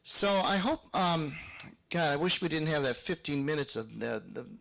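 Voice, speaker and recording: Gravelly man teaching square dance calling. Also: fairly high pitch, animated, moderate pace, a bit bright. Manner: chatty, explains with hums and called sample lines. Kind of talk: online workshop lesson with demonstrations.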